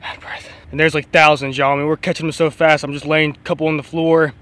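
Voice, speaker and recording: A young man hosting an outdoor fishing vlog, chatty and excited, talking straight to his viewers. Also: on the high side, fast. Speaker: fishing vlogger. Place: outdoors by a pond.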